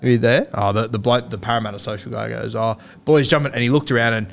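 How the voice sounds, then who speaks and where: A man's voice: medium pitch, flat delivery, fast, creaky. An Australian man co-hosting a podcast, boastful and swearing in casual banter. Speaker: podcast co-host. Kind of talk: casual chat.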